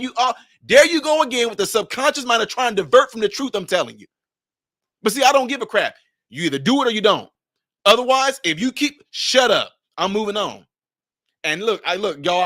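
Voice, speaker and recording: Sharp, high-voiced man ranting sarcastically. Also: no room sound, studio quality. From Chicago area. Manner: sarcastic, scolding, repeats rhetorical questions. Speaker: commentator. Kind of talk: confrontational commentary rant.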